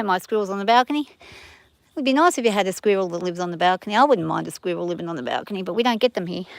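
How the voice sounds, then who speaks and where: A middle-aged Australian woman with a medium-pitched voice chats casually in an outdoor riding area while lunging her horse, calling out short commands between remarks in this vlog. The recording has no echo.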